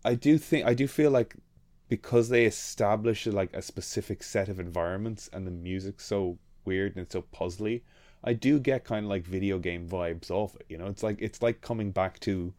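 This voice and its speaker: Low-voiced man, rambling podcast host. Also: normal speed, a little mellow, dry recording. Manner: rambling, swears casually, edits the show. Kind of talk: casual podcast chat.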